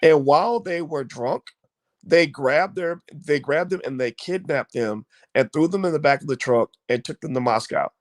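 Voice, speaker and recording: A man's voice: on the high side, moderate pace, no echo. A man hosting his own online show, giving opinionated commentary to viewers in an emphatic, preachy way, often repeating words and restarting.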